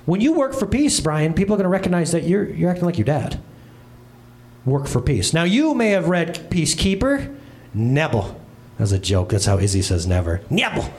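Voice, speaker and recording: A man in his thirties, a pastor preaching a humorous sermon from a church stage. He tells stories with animated comic voices and quick asides. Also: a little high, a little hiss or hum.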